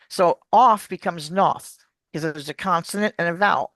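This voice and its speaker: In a dry recording, an accent coach with a mid-range voice answers interview questions at a normal speed. The explanations come across like an animated teacher's, complete with demonstrated words.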